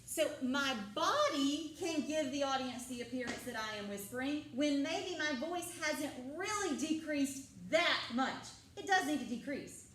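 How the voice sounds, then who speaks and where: A woman's voice: high voice, expressive, unhurried, hardly any pauses, a bit bright, a little hiss or hum. A drama teacher leading a class, quizzing her students and repeating their answers. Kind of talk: classroom lecture with questions to students. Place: school classroom, indoors. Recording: echoey classroom picked up from a distance.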